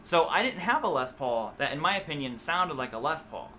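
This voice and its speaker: An American man with a blended Midwest and Southern accent talks off the cuff to a live audience, his voice bright and forward. He wanders through his thoughts with plenty of "like" and "um" and a lot of restarts. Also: fairly high pitch, big pitch swings, brisk, a little hiss or hum. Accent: mixed Midwest and Southern US. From USA. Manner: rambling, loose, many fillers and restarts. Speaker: guitar teacher answering live chat. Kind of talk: casual livestream chat.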